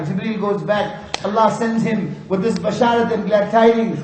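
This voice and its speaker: A man preaching an impassioned sermon, at times rising to shouts, recorded in a hall. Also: high voice, moderate pace, a little hiss or hum. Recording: echoey hall.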